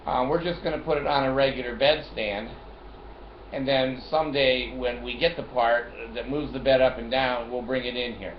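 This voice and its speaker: A man's voice: medium pitch, steady tone, normal speed, reverberant, lo-fi sound, slight background noise. An older man telling a long, rambling story from home, brash and profane, with chuckles along the way. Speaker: vlogger. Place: home, sitting on a couch.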